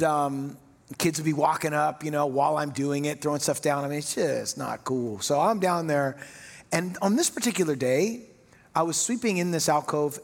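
A middle-aged man preaching a sermon, telling self-mocking stories in an animated way. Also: a little high, creaky, husky. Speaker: pastor. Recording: long hall reverb.

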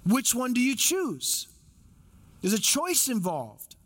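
Male pastor, high voice, emphatic sermon delivery with repetition and rhetorical questions. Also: huge pitch swings, slow. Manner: emphatic preaching with repeated phrases and rhetorical questions.

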